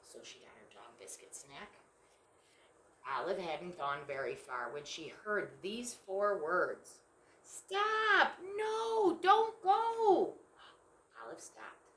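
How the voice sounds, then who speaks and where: Lively woman reading a children's story. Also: deep voice, unhurried. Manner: asks young listeners questions, lively. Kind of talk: children's story read-aloud. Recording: echoey room.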